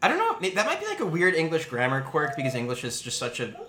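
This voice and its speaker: A podcast panelist in casual chat, animated, swearing casually and thinking aloud. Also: medium pitch, fast. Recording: echoey room, faint background noise.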